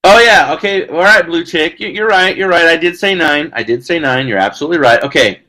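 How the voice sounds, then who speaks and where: A man's voice: on the high side, a little fast, bright, forceful tone, poor audio. A man hosting a live sports betting show, talking brashly and loosely while reading out viewer comments. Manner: brash, loose and chatty, with frequent "freaking" and crude jokes. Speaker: sports talk show host.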